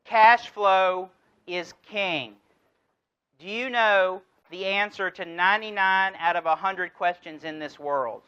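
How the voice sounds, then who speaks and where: A man's voice: high-pitched, slow pace, sharp tone, clear, resonant tone, muffled recording. A man giving a motivational keynote address, telling a story and driving his points home with rhetorical questions. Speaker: keynote speaker.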